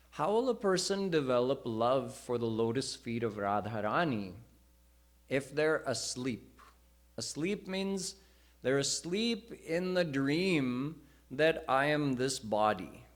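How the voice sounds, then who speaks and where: A man preaching a live sermon, teaching in a measured way and telling parables. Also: mid-range voice. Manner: slow, deliberate teaching. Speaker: senior preacher. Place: temple hall.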